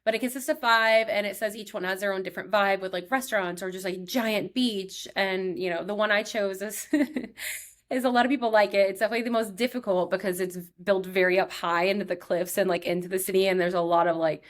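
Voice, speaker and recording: A young woman hosting her own show, talking in a chatty, excitable way full of fillers. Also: mid-range voice, brisk. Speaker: podcast host. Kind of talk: casual solo chat.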